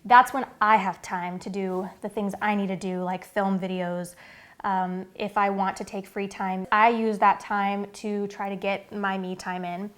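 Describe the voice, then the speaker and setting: With a measured pace and a mid-range voice that's steady and a bit bright, a woman in her thirties talks to camera about how her family's days go. A vlogger and mom, she's chatty and earnest with lots of fillers, and she's close to crying.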